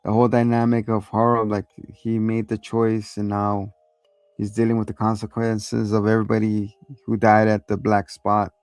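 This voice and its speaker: A man's voice: on the low side, completely flat delivery, moderate pace, a little mellow, clear, resonant tone, no room sound, soft background music. A man hosting a casual episode recap, loose and profane, acting out quotes along the way. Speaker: host.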